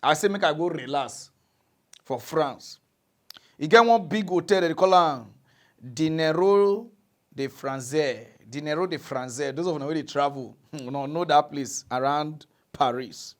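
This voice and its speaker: A man's voice: fairly high pitch, unhurried. A man with a Nigerian Pidgin accent hosting a mock news show, delivering a mocking comic monologue. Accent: Nigerian Pidgin English. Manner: animated, mocking, breaks into shrieking impressions. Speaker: comedy news host.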